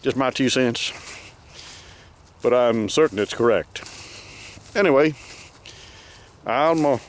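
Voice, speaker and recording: A man's voice: mid-range voice, takes it slowly, pauses often. Farmer guy rambling out in the pasture, dry jokes, handheld cam, faint outdoor hiss. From Southern Maryland, United States. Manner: folksy, rambling, wry humor. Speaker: farmer vlogger. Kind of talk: casual walk-and-talk narration.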